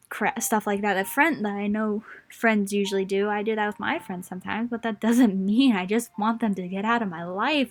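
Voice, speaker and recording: A woman's voice: medium pitch, normal speed, slight background noise. Emotional rambling young woman. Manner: emotional, rambling, laughing between words. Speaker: gaming video creator. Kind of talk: let's-play commentary.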